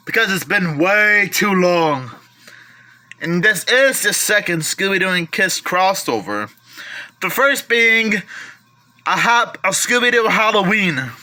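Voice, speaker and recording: Slow-talking, high-voiced man vlogger. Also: bright, forceful tone. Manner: slow, chatty listing with self-corrections and asides. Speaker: collector vlogger. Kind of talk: casual show-and-tell of a collection.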